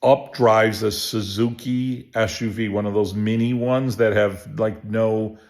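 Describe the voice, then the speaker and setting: Gravelly low-voiced man telling a story. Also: a little slow. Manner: relaxed, rambling with restarts and fillers. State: emotional. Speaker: chiropractor. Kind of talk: personal storytelling. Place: home.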